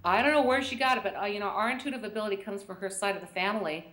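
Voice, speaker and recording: A woman's voice: mid-range voice, very fast, fairly bright tone. A middle-aged woman from the United States, chatting as a guest on a call-in show, telling stories with lots of laughs. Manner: chatty, storytelling, laughs often. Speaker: guest, intuition teacher. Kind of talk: casual chat on a call-in show. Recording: echoey room.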